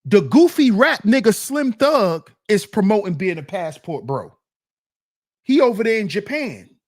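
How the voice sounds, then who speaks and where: A woman's voice: mid-range voice, sing-song, unhurried, a little mellow. A woman hosting a reaction commentary channel, scolding and mocking her viewers and repeating lines for emphasis. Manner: slips into mock voices of the men she criticizes.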